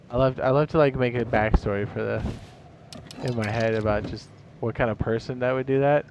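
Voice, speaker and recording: Casual male streamer, mid pitch, tired, profane and rambling, noisy game audio behind. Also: fairly even intonation, unhurried, gravelly, pauses often. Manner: rambling, profane, laughs at his own jokes.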